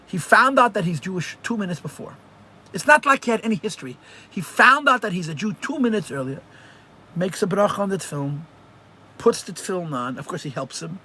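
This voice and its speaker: A rabbi leads a live religious class, telling stories with animation and often repeating phrases for emphasis. His voice is high-pitched and slightly rough.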